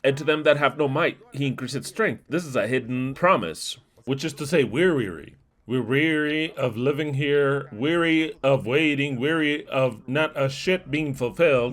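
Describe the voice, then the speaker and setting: A man preaching a sermon, reading scripture aloud and explaining it emphatically, often swinging his pace and volume. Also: mid-range voice. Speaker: pastor.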